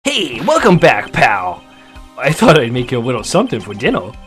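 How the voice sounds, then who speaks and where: A woman voicing a gruff, good-natured male detective with a low drawl, in a fan dub of a game. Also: wildly swooping pitch, moderate pace, faint music behind, full character voice. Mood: friendly. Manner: low, drawling, clipped "pal" endings.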